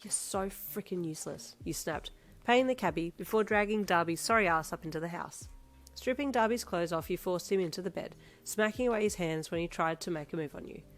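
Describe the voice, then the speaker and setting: A woman's voice: lowish voice, brisk. Woman narrating a fan fiction story. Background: faint instrumental music.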